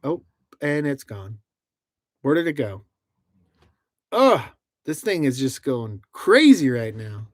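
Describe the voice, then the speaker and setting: A man's voice: medium pitch, big pitch swings, slow, long pauses, no echo, studio quality. A man hosting a casual livestream from inside a truck camper, rambling with many restarts as he reads out viewer comments. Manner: rambling, many restarts, laughs between lines. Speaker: livestream host.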